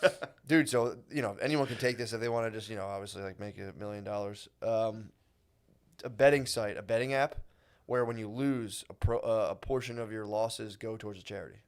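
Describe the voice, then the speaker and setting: A man's voice: lowish voice, fairly quick, smooth. Laid-back male co-host saying "dude". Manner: laid-back, says "dude" constantly, rambling. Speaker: podcast co-host. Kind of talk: casual chat.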